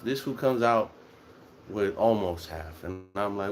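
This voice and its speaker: A young man tells a story in a casual monologue. His voice sits a little low, and he swears freely and acts out what people said. A faint room hum sits behind him. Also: unhurried. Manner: profane, animated, acts out quotes.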